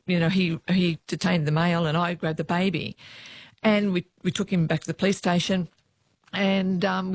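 A woman's voice: fairly low pitch, no room sound. Woman, former cop telling stories. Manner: lively storyteller who acts out the voices of others. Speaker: former police officer.

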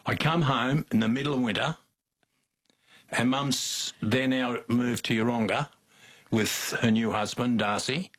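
Husky older Australian man telling yarns. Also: medium pitch, fairly even intonation, unhurried, a bit bright. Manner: folksy yarn-spinning, chuckles often. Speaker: interview guest. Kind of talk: casual storytelling.

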